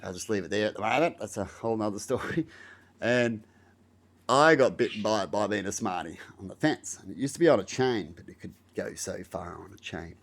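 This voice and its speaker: An Australian man telling casual stories to camera in a rambling way, acting out scenes with loud exclamations. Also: fairly low pitch, lively intonation, brisk. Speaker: vlogger. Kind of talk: casual storytelling.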